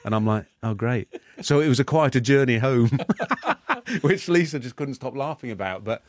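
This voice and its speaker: A man in his fifties, a guest in an interview, talking in a halting way with many restarts. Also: medium pitch, expressive.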